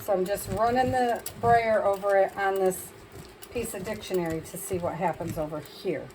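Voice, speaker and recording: A woman's voice: medium pitch, steady tone, normal speed, a little mellow, slight background noise, low-quality recording. A woman talking casually through a crafting session as a vlogger, chatting and scolding herself as she works.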